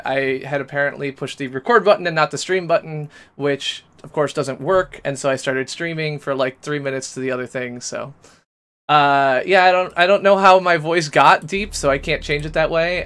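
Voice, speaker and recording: A man's voice: mid-range voice, fairly bright tone, clear, resonant tone. Rambling male game streamer. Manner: rambling, self-deprecating, thinks aloud. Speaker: gaming streamer. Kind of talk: casual live-stream chat. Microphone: USB desk microphone.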